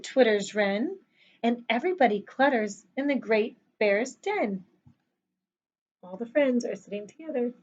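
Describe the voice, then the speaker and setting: A woman teacher reading a picture book aloud to children, in an animated sing-song way with chatty asides to them. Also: fairly high pitch, unhurried, highs cut off.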